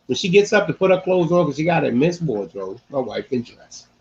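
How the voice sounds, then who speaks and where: A man hosting a casual sports-talk podcast, his voice sitting a bit high for a man. He talks in an animated way and hammers his points home by repeating phrases. The audio is dull and lo-fi. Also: fairly quick, creaky. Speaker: podcast host.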